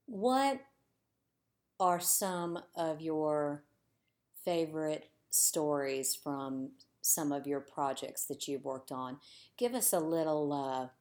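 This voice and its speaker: Chatty woman interviewer, lower voice. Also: slow pace, a little mellow. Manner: chatty, eager questions and reactions. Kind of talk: casual interview.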